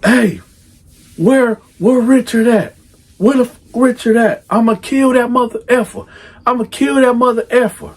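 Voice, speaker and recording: A man voicing a furious father who shouts threats over the phone. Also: very high-pitched, unhurried, slightly rough, voice pushed up, exaggerated voice. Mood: enraged.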